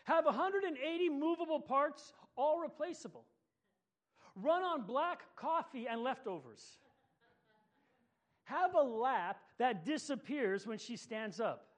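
An eager, proud creator speaks here, earnest and sure of his work, read aloud by a man. The voice sits very high for a man. It is read like a storybook. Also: exaggerated voice.

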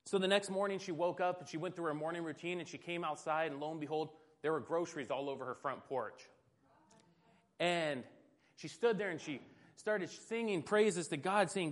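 Male preacher, fairly high voice, casual storytelling sermon, self-deprecating. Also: brisk.

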